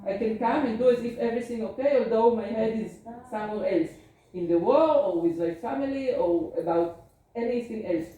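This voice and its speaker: A woman's voice: fairly high pitch, fairly quick, hardly any pauses, mellow. A woman doctor giving a seminar lecture to caregivers, explaining earnestly with spoken examples in English. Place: seminar room. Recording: distant voice in an echoey room.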